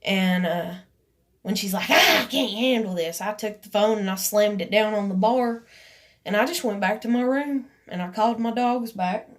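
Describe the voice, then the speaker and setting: A woman's voice: medium pitch, normal speed. A woman in her room at home, telling a heated personal story, swearing casually and acting out what was said. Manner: animated, riled up, swears casually, lots of "I was like" quoting. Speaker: vlogger.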